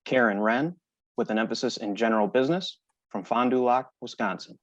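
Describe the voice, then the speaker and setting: A man presenting graduates at a ceremony, reading each name slowly and deliberately. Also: medium pitch, no echo. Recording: dry, slightly dull sound.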